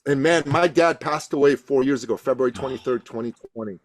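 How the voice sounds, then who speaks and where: A man guesting on a podcast as a coach, telling a story with passion and building to loud emphatic peaks. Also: medium pitch, a little fast, no room sound. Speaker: guest, coach and thought leader.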